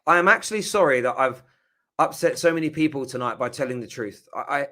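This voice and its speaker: Passionate football stream host. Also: male voice, mid-range voice, expressive, brisk, bright, forceful tone. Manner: passionate, emphatic, swears when riled. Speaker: football fan channel host. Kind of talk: live-stream match reaction.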